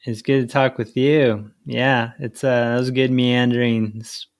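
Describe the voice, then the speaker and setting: Casual male podcast host, middle-pitched, easygoing, laughs often. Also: normal speed. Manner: relaxed, laughing, loosely phrased. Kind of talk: casual interview chat and outro.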